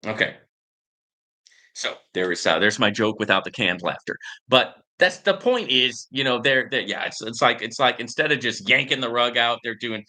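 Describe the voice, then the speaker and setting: A man's voice: mid-range voice, lively intonation, normal speed, sharp tone. A man hosting a casual livestream and answering viewer comments. He rambles and tags his points with "right?" and filler words. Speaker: livestream host.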